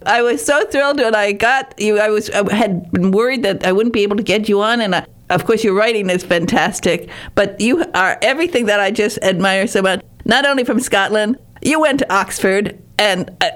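A woman's voice: medium pitch, moderate pace, hardly any pauses. Effusive woman hosting a writing show. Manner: effusive, gushing, stumbles and restarts often. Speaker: podcast host. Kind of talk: warm chatty interview.

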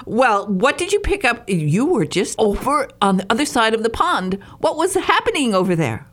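A woman's voice: on the high side, sing-song, normal speed, fairly bright tone. A woman hosting an interview, talking in an effusive, complimentary way. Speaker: interview host. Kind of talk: casual interview chat.

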